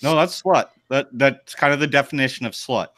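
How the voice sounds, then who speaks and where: A man's voice: mid-range voice, a little fast, fairly bright tone, dry recording. A man co-hosting a casual podcast chat who reacts with disbelief and cracks jokes. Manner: incredulous, jokey.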